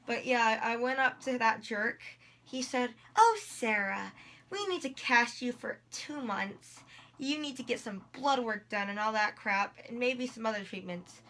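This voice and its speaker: Chatty young woman with a bright voice. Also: fairly high pitch, unhurried. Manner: rambling, lots of likes and ums, quotes people in dialogue. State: in pain while talking. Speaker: vlogger. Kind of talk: casual personal storytelling.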